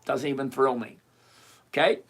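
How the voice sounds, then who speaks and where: A man's voice: medium pitch, steady tone, normal speed, breathy edge. An older retired man hosting a live stream, chatting casually and emphatically as he answers viewers by name. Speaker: livestream host answering viewer questions.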